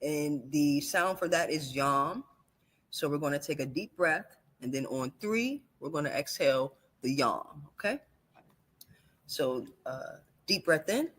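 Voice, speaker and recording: Guest man leading a guided breathing exercise, calm slow counting, voice a bit on the high side. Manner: calm, slow counting instructions with warm laughs.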